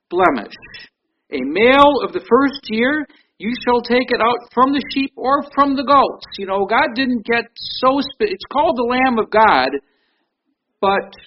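A man's voice: sits high, dull audio. A man preaching a sermon in a conversational way, reading scripture aloud. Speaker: pastor.

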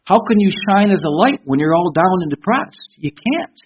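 An older man preaching a sermon who turns loud and fervent when he reads scripture. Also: high-pitched, big pitch swings, moderate pace. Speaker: pastor. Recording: dull lo-fi recording with faint hiss.

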